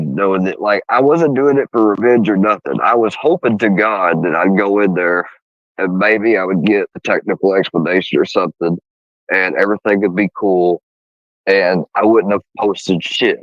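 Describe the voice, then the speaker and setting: A man's voice: sits low, moderate pace, no room sound. A man telling a story in casual talk, swearing a lot and getting heated as he acts out what others said. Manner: profane, heated, quotes others in a raised voice. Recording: dull, dry lo-fi sound.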